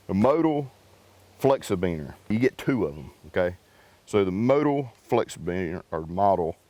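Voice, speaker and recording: A man with a very low voice talks through outdoor gear in a loose, rambling way. He restarts phrases often and keeps a relaxed tone. He is recorded outdoors in the woods on a camera mic that sometimes sits off to the side. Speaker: gear reviewer. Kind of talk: casual unboxing vlog.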